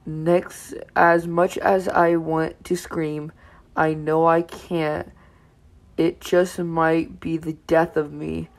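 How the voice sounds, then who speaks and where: Young woman reading fanfic out loud, swears a lot, keeps stopping to comment, gravelly and slow. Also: low-pitched, little pitch movement. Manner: blunt, heavy swearing, breaks off to comment. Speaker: reaction channel host. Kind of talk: reading fan fiction aloud with commentary.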